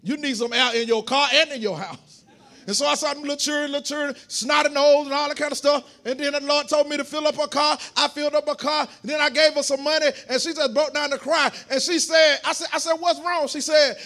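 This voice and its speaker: A man with a very high-pitched voice preaches a sermon in a church. His tone is bright and ringing. He stumbles over and repeats words, then swells into shouted, fervent preaching. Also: steady tone, brisk. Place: church sanctuary.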